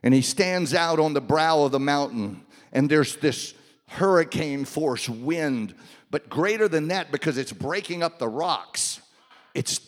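A man preaching a sermon, swinging between loud, raised passages and hushed, quiet ones. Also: mid-range voice. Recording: long hall reverb.

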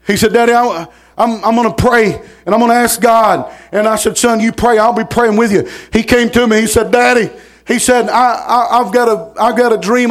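A high-pitched middle-aged man preaches a sermon like a folksy storyteller, repeating words and building up to shouts.

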